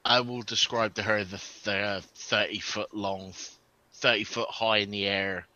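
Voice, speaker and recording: A man's voice: on the low side, level tone, a little slow, bright, forceful tone, lo-fi sound. A man playing in a tabletop game, chatting casually and joking. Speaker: player.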